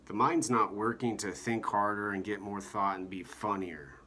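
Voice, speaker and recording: A man giving a meandering monologue about comedy, halting often and filling gaps with "you know" and "like". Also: lowish voice, bright, forceful tone.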